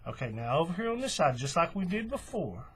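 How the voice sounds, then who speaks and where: A man explaining a craft step by step in a relaxed, folksy way. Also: fairly high pitch, brisk, husky. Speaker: craft tutorial host. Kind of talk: hands-on tutorial walkthrough.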